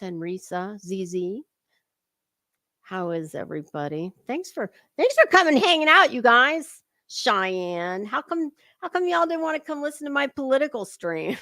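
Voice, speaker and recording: A woman's voice: fairly high pitch, pushed and bright, no echo, clean studio sound. A woman hosting a casual livestream commentary, chatty and swearing freely as she greets her chat viewers by name.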